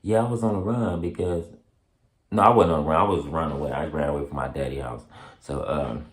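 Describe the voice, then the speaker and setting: A man telling a story in casual street slang, laughing often and acting out quotes in high excited voices. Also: fairly quick, roomy sound. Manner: heavy street slang and profanity. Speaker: storyteller vlogger.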